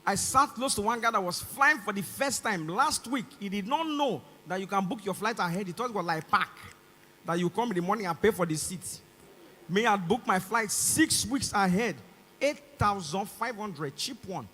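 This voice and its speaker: Stand-up comic, Nigerian man, Nigerian accent, high-pitched and piercingly bright, live mic with faint hum. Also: expressive, normal speed, long reverb tail. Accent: Nigerian English. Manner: acts out both sides of the dialogue, rising to shouts. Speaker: stand-up comedian. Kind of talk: stand-up comedy. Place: large concert stage.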